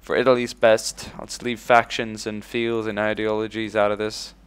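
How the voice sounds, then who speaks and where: A man commenting casually on his own strategy game playthrough, swearing freely, bursting out with "boom" and ordering his in-game troops around. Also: normal speed, clean tone. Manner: excitable, swears casually, shouts "boom" when giving orders; talks to in-game units as if they were his troops. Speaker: let's play host.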